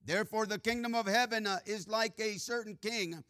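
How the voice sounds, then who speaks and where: A man's voice: high-pitched, normal speed, bright, forceful tone, dry recording, clean studio sound. A man preaching a sermon, reading scripture with sing-song swells and dropping "uh" and "amen" between phrases. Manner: frequent filler "uh" and "amen" asides.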